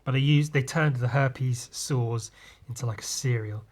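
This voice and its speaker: A man's voice: medium pitch, a little slow, darkish tone, slight background noise. A man hosting a solo podcast, tipsy from drinking and rambling loosely, often trailing off and restarting. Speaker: podcast host. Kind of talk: rambling casual monologue.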